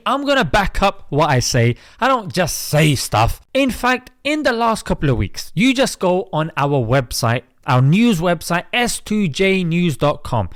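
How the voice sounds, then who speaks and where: A man's voice: on the high side, dry recording, clean studio sound. A British man hosting an opinion commentary vlog, preachy and chatty, calling his viewers mate. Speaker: host.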